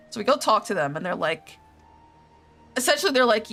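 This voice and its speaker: A woman's voice: fairly high pitch, expressive, fairly quick, pauses often, bright, forceful tone. A young adult woman streaming a game, recapping its story in casual chat, swearing freely and laughing often.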